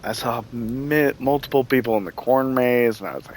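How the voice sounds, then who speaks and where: A man's voice: medium pitch, fairly even intonation, moderate pace, creaky, hardly any pauses, faint music behind, low-quality recording. A man telling a story in casual, profane chat, laughing often and acting out what people said. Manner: profane, laughs often, acts out quoted dialogue. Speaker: gaming channel host.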